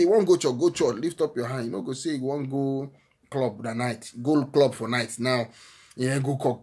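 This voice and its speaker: A man's voice: medium pitch, slightly rough. A man from Nigeria with a Nigerian accent, giving a spontaneous, earnest talk of faith and prayer, repeating himself and often ending lines with "eh?". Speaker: vlogger giving encouragement.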